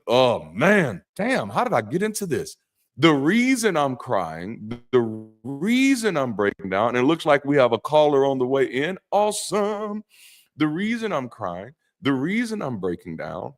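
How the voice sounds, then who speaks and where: Man, former pastor, live call-in host, mid-range voice, emphatic preacher cadence, casual swearing. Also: medium pitch. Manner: animated and emphatic, with preacherly turns of phrase and frequent restarts; blunt and slangy, swearing casually. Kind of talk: livestream monologue to chat.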